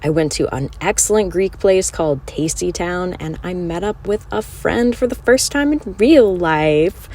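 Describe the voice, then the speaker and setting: A woman's voice: on the low side, lively intonation, measured pace, hardly any pauses, dark tone. A woman chatting through a casual travel vlog in an enthusiastic, chatty way. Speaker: travel vlogger.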